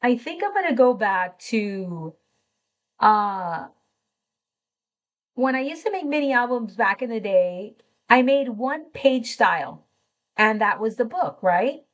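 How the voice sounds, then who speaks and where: A woman's voice: on the high side, sing-song, takes it slowly, long pauses, dull audio. A middle-aged woman hosting a live craft tutorial, chatting enthusiastically and greeting viewers by name as she works.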